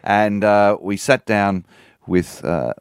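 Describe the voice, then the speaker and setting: Man, very low voice, wry storytelling, dry close mic. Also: fairly even intonation, slow, smooth, no echo. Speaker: comedian. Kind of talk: casual chat, anecdote.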